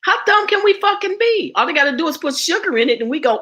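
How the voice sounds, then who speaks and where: A woman's voice: very high voice, expressive, fast, few pauses, fairly bright tone. A woman speaking as a guest and ritual teacher, blunt and profane, preaching with rhetorical questions. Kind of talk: impassioned spoken address.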